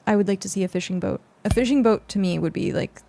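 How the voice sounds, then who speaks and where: A woman's voice: mid-range voice, fast, creaky, mellow. Chatty young woman streaming to viewers. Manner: rambling and chatty, many fillers. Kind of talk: casual livestream chat with viewers. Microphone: close mic.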